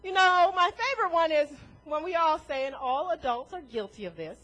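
A woman preaching a sermon in an animated way, laughing often and acting out the voices she quotes. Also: very high voice, normal speed, low-quality recording.

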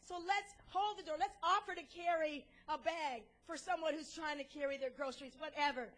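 A woman pastor preaching a sermon emphatically, calling out to the congregation, with dramatic shifts in loudness. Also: high-pitched, fairly even intonation, normal speed.

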